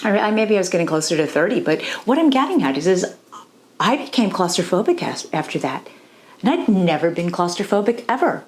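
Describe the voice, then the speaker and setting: A woman's voice: fairly low pitch, very animated, a little fast. A woman relationship coach speaking candidly and earnestly to the camera, confiding personal experience and often checking in with the listener.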